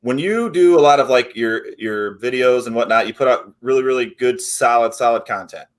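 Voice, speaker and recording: A man's voice: medium pitch, brisk. A man co-hosting a podcast in casual chat, rambling and slangy, acting out little scenes. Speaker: podcast co-host.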